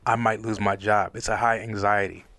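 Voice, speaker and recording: A man in his forties co-hosting a casual panel talk, earnest and animated, often laughing as he speaks. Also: fairly low pitch, normal speed. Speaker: podcast co-host.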